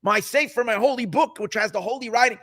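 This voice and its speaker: A man's voice: very high-pitched, fast talker, pushed and bright, dry recording, clean studio sound, voice pushed up, full character voice. A man voicing an old rabbi who stammers with outrage over his holy book. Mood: outraged. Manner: stammering, indignant.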